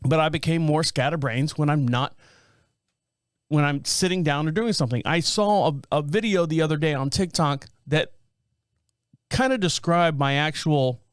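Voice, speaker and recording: Middle-aged male podcast host, slightly high voice, dry close mic, rambling and scatterbrained. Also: normal speed, clean tone, no room sound. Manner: rambling, full of fillers and restarts, self-described scatterbrained. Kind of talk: casual monologue.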